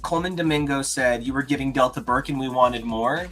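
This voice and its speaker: A man co-hosting a casual reaction chat, talking in animated bursts of rapid-fire questions and mock outrage. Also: medium pitch, faint music behind. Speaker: podcast co-host.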